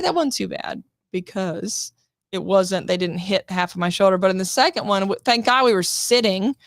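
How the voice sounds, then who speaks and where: A woman, an actress and guest, telling show-business stories in a casual chat, animated and swearing, acting out quotes. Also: medium pitch, dry recording, studio quality. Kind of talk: casual storytelling interview.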